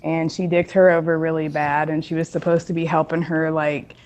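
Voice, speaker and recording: A woman's voice: deep voice, level tone, fairly quick, darkish tone, poor audio. A woman on a stream, bluntly explaining a story in casual chat. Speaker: stream guest.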